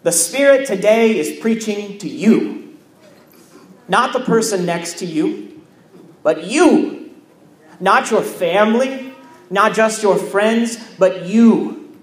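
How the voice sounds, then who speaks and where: Slow-preaching pastor with a high voice. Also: male voice, echoey room. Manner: measured preaching with repeated phrases and pauses. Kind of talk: sermon. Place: church.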